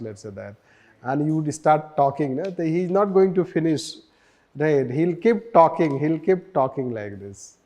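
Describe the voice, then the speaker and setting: A man's voice: a little high, mellow. A man with an Indian English accent giving a lecture, often repeating phrases and switching into Hindi, with wry sarcastic asides. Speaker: teacher.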